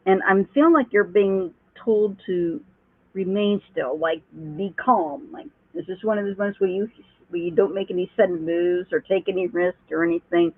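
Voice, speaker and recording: A woman giving a calm, reassuring rune reading as a psychic reader. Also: lowish voice, no echo. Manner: calm, reassuring, explains slowly. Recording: dry, husky phone-line call.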